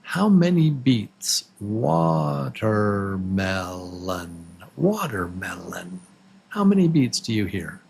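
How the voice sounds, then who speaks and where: A man teaching English to absolute beginners, patiently repeating words slowly and counting syllables with the listener. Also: on the high side, sing-song, a little mellow, a little hiss or hum. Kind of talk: slow, clearly spoken beginner English lesson.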